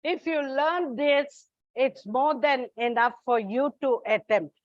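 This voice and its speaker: Female English teacher, high voice, slow and deliberate delivery, dull lo-fi recording. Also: dry recording. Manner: slow, deliberate, addresses students as children. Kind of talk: classroom lesson.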